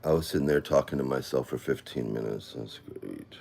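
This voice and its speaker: A man's voice: very deep voice, quick pace, vocal fry, a little mellow, slight background noise. A man livestreaming an emotional apology from his phone at home, frustrated and swearing, muttering to himself.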